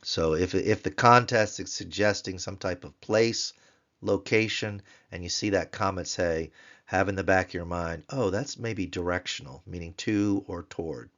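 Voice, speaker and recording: Man, very low voice, patient tutor, repeats words for drill, muffled lo-fi sound. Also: normal speed, a bit bright. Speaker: Biblical Hebrew tutor. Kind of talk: recorded grammar lesson.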